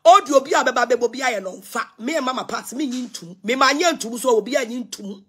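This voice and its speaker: A woman's voice: on the high side, fairly quick, husky. A middle-aged Ghanaian woman ranting on social media, defiant and scolding, repeating herself as she mixes languages. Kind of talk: ranting live video.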